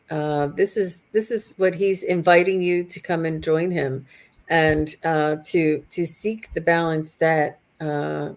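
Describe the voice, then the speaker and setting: Soft-spoken woman giving a psychic reading. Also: low voice. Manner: slow, soothing, hesitant with fillers. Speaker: psychic medium guest. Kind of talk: intuitive reading on a live stream.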